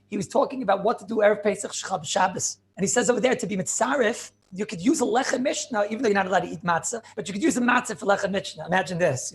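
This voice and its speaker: A man's voice: sits high, a little hiss or hum. A man giving an informal Torah class, rambling and joking, with many fillers and questions put to his students. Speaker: rabbi teaching a class.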